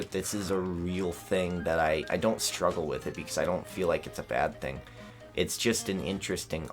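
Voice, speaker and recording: Deep voiced guy rambling on in a vlog update, gets emotional, trips over his words. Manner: emotional, rambling, restarts often. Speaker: YouTuber.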